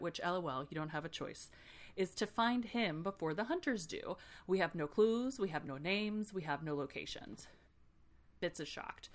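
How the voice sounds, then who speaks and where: A young woman hosting a casual book recap, sarcastic, profane and animated. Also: medium pitch. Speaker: podcast host.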